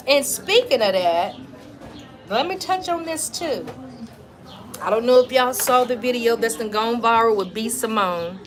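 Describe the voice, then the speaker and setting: A woman vlogger chatting casually on a live stream, talking straight to her viewers in an emphatic, conversational way. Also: mid-range voice. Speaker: wellness vlogger.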